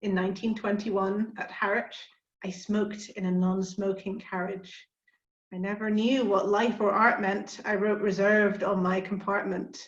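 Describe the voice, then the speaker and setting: A woman's voice: medium pitch, little pitch movement, a little slow, reverberant, muffled recording. Woman reading a bouncy rhyming poem. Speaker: poetry reader. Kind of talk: reading a comic poem aloud.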